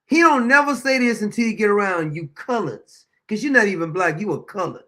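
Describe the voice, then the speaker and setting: A man's voice: high voice, animated, brisk, bright, forceful tone. A man hosting a livestream, talking in a loose, colloquial way and chuckling often. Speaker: host. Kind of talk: livestream commentary.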